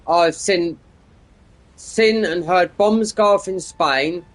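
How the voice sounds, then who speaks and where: A man's voice: high voice, slow. A man, chatting casually and meandering while streaming a game. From United Kingdom. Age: 50s. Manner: meandering, digressive, frequent restarts. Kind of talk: casual rambling chat while gaming.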